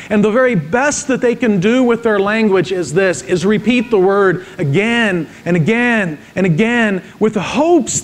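A male pastor preaching a sermon, dramatic, moving between hushed lines and emphatic repeated words, often checking in with the listeners. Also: high voice, slight background noise, poor audio. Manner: dramatic, swings from hushed to emphatic when reading scripture; repeats words for emphasis, asks the audience "right?".

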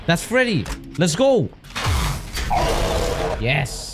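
A young man hosting a horror game playthrough, reacting loudly and energetically with frequent swearing. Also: high voice, big pitch swings, a little slow, soft background music. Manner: hyper, jumpy, loud reactions and swearing. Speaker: gaming channel host. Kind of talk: horror game let's play commentary.

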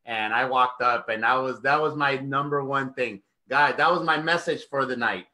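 A man's voice: mid-range voice, normal speed, pushed and bright. A man hosting a podcast, hyped and swearing heavily while speaking straight to the listeners. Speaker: podcast host. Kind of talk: podcast conversation.

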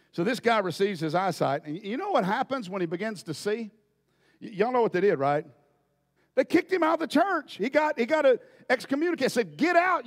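A man preaching a folksy storytelling sermon, dropping to quiet asides and then bursting into loud shouts. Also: high-pitched, in a large hall.

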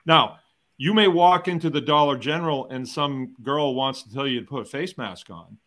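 A man's voice: mid-range voice, moderate pace, fairly bright tone. A middle-aged man from the United States, a farmer and educator, speaking in a round-table conversation in an emphatic, conversational way, with rhetorical questions and frequent restarts. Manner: repeats words and restarts often.

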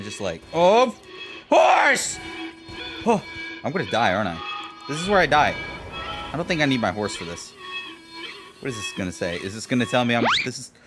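A man giving jokey, excitable commentary while playing a game, swearing and talking to enemies. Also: on the low side. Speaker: gameplay commentator. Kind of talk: casual let's-play commentary.

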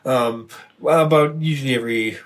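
A man co-hosting a podcast in casual chat, easygoing, with short replies and hesitant pauses. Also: medium pitch. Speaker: podcast co-host.

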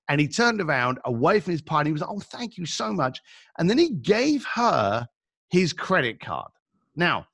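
A middle-aged man with a London accent tells a story as a podcast guest, acting out each person in it with lively swings of pitch. His voice has a gravelly edge, and the recording is close and dry. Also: no echo. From England. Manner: animated storyteller acting out dialogue.

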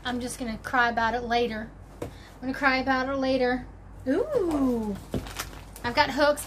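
A chatty woman with a high, bright voice rambles happily to her viewers, full of little exclamations as she rummages through things. A faint hiss of background noise sits under her talk. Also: animated, normal speed. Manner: chatty, bubbly, talks to viewers while rummaging. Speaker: crochet channel host. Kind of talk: casual show-and-tell vlog.

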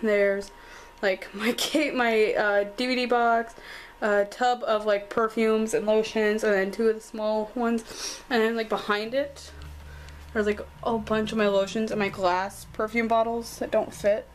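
A woman's voice: on the high side, flat delivery, measured pace, slight background noise. A young woman with a Southern American accent, giving a casual room tour in her bedroom and filming on a handheld camera, chatty and full of "like" fillers. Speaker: vlogger.

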